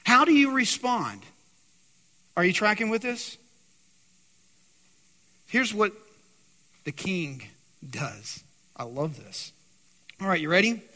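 A man preaching a sermon who keeps putting questions to his congregation in an animated way. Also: high voice, slow, long pauses. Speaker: pastor. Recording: long hall reverb.

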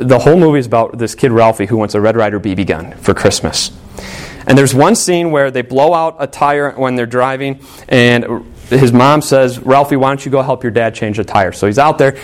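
A man preaching a sermon at a middle pitch, earnest and conversational. He tells a story to his congregation with frequent small fillers and restarts, then turns to direct, plain exhortation. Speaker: pastor.

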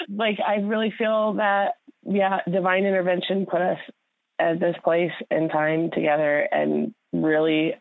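A woman artist being interviewed, speaking warmly and gratefully. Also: low voice, creaky, no echo. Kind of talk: heartfelt conversational interview. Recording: tinny phone-like line.

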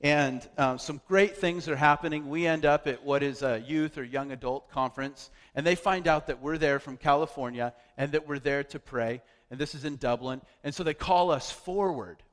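A man's voice: on the high side, moderate pace, hardly any pauses. Guy preaching a story sermon, casual and rambly, big hall echo behind his voice. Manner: conversational, loose with fillers and restarts. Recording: long hall reverb.

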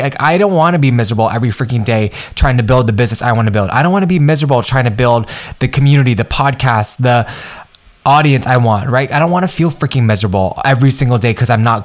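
Candid, swearing male podcast host. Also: mid-range voice. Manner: candid, profane, pep-talk tone addressing listener as "girl" and "my love". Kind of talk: motivational solo podcast talk.

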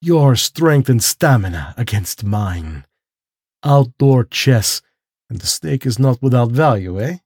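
A man doing a polished, courtly aristocrat of a hunter whose charm carries a menacing edge, his lively voice rising and falling through genteel phrasing. The tone is breathy and close, read as a spoken storybook. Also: slow pace, dry recording, exaggerated voice. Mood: silkily menacing. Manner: polished and genteel, with a lift in pitch.

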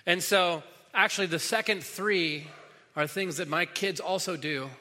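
Male pastor, casual sermon delivery with fillers, slightly high voice, long hall echo. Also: a little slow, pushed and bright. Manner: casual teaching with many fillers and restarts.

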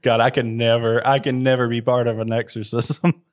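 A man's voice: mid-range voice, little pitch movement, moderate pace. A man co-hosting a podcast, giving short, laid-back joking replies on a studio mic. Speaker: podcast co-host. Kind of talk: casual chat.

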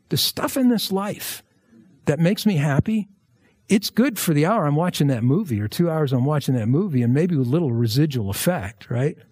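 Male pastor, higher-pitched, dry close sound, relaxed preaching with humorous asides. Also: no room sound. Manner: conversational, jokey asides, lively emphasis. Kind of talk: verse-by-verse sermon.

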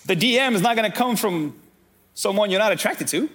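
A man's voice: sits high, expressive, fairly quick, fairly bright tone. A man preaching a sermon as pastor, calling out directly to his congregation.

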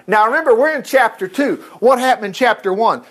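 A man's voice: very high-pitched, brisk. A man preaching a conversational sermon in a folksy way, breaking off to act out the scripture dialogue. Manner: folksy, animated, self-interrupting, acting out scripture dialogue.

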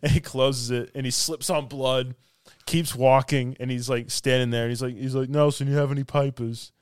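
A man on a podcast excitedly retelling scenes from a film, laughing often as he talks. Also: medium pitch, moderate pace, clear, resonant tone, no echo, clean studio sound. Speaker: podcast co-host. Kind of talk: casual film review chat.

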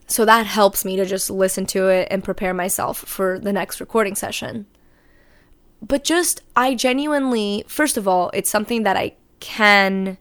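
A woman with a mid-pitched voice talks alone into her podcast mic, unscripted and confessional. She rambles, stops to correct herself, and swears casually as she thinks aloud. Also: a bit bright. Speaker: podcast host. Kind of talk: unscripted solo podcast monologue.

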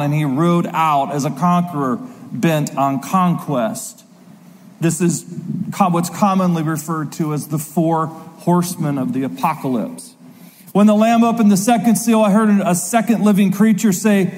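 High-voiced preacher in a reverberant hall. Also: male voice, a little mellow. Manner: dramatic reading with slow emphatic stresses. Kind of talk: sermon. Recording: long reverb of a large hall.

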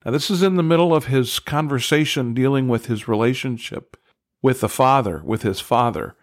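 A man's voice: medium pitch, animated, moderate pace, no room sound, studio quality. A man teaching a devotional Bible study, earnest and emphatic, leaning on key words and putting questions straight to the listener.

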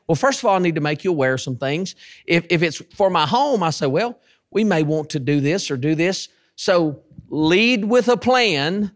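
A man preaching with a high, lively voice that swings widely in pitch. He stretches his key phrases out slowly and repeats them for emphasis. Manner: animated preaching, drawn-out emphatic repetitions. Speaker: pastor and station head. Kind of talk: sermon.

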